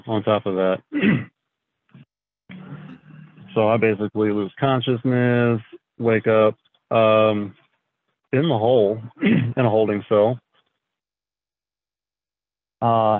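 A man telling his story as a podcast guest, in a halting, casual way, often clearing his throat and filling gaps with fillers. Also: fairly low pitch, no room sound. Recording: thin phone-like sound, dry.

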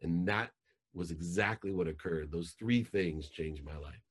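A man telling an emotional personal story as a podcast guest, growing animated as he relives it. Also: low-pitched, a little slow, husky.

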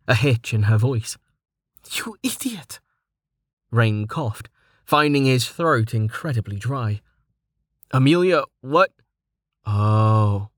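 A man narrating a fantasy web novel as an audiobook in a steady storytelling manner. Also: mid-range voice, no echo, studio quality. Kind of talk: scripted narration.

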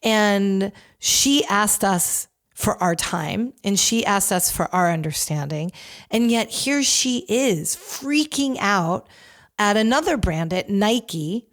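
A woman's voice: mid-range voice, lively intonation, takes it slowly. A woman hosting a podcast, giving candid, opinionated commentary that rambles with frequent restarts. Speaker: podcast host.

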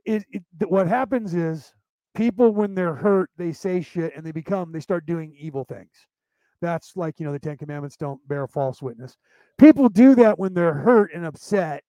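A man's voice: fairly high pitch, moderate pace, warm tone, dry recording, low-quality recording. A middle-aged man hosting a podcast, telling a personal story in a rambling, profane way with many restarts. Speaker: podcast host. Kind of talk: casual storytelling monologue.

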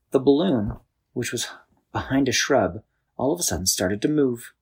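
A man narrating an improvised bedtime story in a loose, animated way, with restarts. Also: medium pitch, moderate pace, slightly rough.

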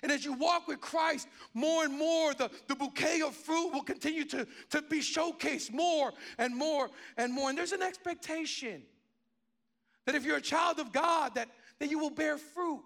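A man in his forties preaching a sermon as pastor, telling a story with lively restarts and repeated words. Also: very high voice, moderate pace, creaky. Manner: animated storytelling with many restarts.

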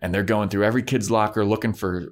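A man in casual chat, recapping a TV episode and acting out the characters as he retells it. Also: fast. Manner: animated retelling, voicing characters with pitch jumps. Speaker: podcast co-host recapping a TV episode.

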